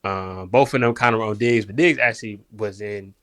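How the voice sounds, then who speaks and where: A man's voice: lowish voice, normal speed, a bit bright. A man co-hosting a football podcast, talking in a laid-back, slangy way with frequent restarts. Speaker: podcast co-host. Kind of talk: casual sports chat.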